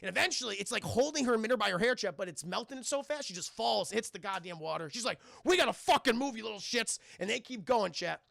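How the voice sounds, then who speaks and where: A man excitedly recapping a film scene by scene for his live chat, swearing freely and talking straight to the viewers. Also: high voice, fast, creaky, few pauses, no room sound, clean studio sound. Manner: excitable, profane, keeps addressing chat. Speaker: streamer reviewing a film.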